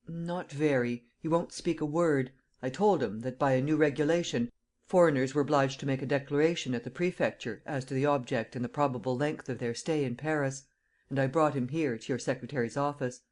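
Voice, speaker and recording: A man's voice: mid-range voice, brisk, a little mellow, lightly acted. A narrator reading a police subordinate who reports to his chief in a plain, matter-of-fact way. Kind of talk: audiobook character voice.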